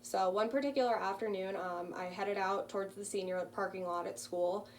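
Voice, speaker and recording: A woman's voice: medium pitch, steady tone, moderate pace. A woman in her early twenties, a student casually telling a personal story with frequent ums. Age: early 20s. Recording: distant mic with faint hum.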